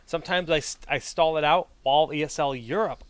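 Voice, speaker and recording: Brief: male esports caster, fairly high voice, chatty and joking, plugs his own shows. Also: a little fast, clean tone, dry recording. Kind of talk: casual pre-game commentary banter.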